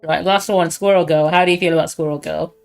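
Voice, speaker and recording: A woman's voice: sits low, fairly even intonation, quick pace, darkish tone, soft background music. A woman hosting a casual gaming stream, joking and steering through a tier list.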